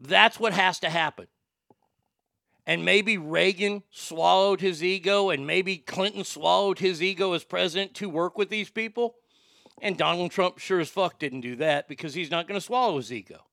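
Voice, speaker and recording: A man's voice: high voice, normal speed, creaky, sharp tone, no room sound, clean studio sound. A man hosting casual political commentary, blunt and profane, reacting to viewer comments. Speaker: political commentary host reading chat.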